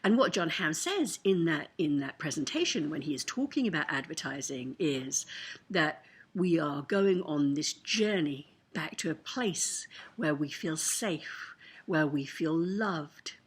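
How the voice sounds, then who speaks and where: A woman's voice: low-pitched, animated, unhurried, husky. A tired woman giving a candid, emotional writing lesson in a chatty, casual way. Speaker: writing coach. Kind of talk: casual teaching monologue to camera.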